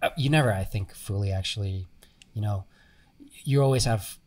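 Animated man with an American accent, slightly off-mic. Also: lowish voice, moderate pace. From Bulgaria. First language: Bulgarian. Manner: animated storyteller, swears, laughs often. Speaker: actor guest. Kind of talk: casual interview talk. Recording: voice a bit far from mic.

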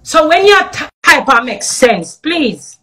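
High-pitched Jamaican woman ranting on a livestream. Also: big pitch swings, slow, fairly bright tone. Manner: ranting, repeated rhetorical questions; patois slang and profanity. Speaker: social media personality. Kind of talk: heated live-stream rant.

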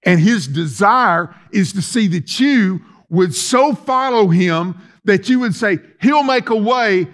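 A male pastor preaches in a fairly high voice. He is folksy and animated, swinging from loud emphasis to quiet asides while he talks straight to his congregation. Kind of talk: sermon.

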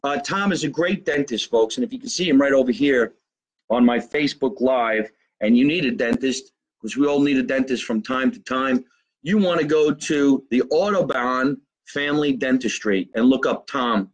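A man with a New Jersey accent hosting a live stream from his basement, reading out viewer comments in a brash, profane, fast-talking way. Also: mid-range voice, rough recording. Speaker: comedian hosting a live show. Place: home basement.

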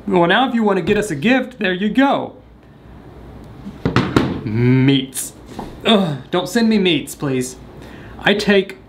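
A man's voice: mid-range voice, slight background noise. A young man vlogging, rambling and joking straight to the camera in a goofy comedic monologue.

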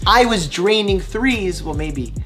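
A man's voice: sits high, lively intonation, takes it slowly, over music. A young man, a doctor and video host, joking around playfully in vlog clips and laughing often.

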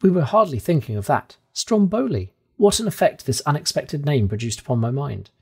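A man narrating a classic adventure novel aloud, reading the first-person tale with dramatic, animated delivery and bright exclamations. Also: medium pitch, brisk, husky. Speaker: audiobook narrator. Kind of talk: expressive storybook reading.

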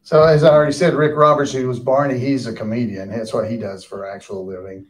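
A man's voice: mid-range voice, steady tone, fast. A man from Alabama with a Southern accent, moderating a live cast Q&A in a chatty, joking way. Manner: chatty, joking, fields questions. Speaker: actor and Q&A moderator. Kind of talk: live audience Q&A.

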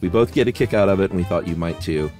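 A laid-back man with a very deep voice co-hosting a casual podcast. He talks in an easygoing, deadpan way and reads listener letters aloud. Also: quick pace, faint music behind. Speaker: podcast co-host reading listener mail.

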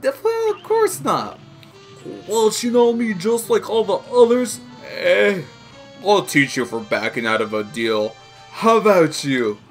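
A man's voice: sits high, very animated, measured pace, faint music behind, pitched above the performer's own voice. A man reading out a gloating male Devil villain in a taunting, theatrical voice over game audio. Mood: menacing.

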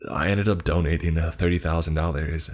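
A man narrating a horror story in the first person, measured and somber. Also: low-pitched, fairly even intonation, faint music behind.

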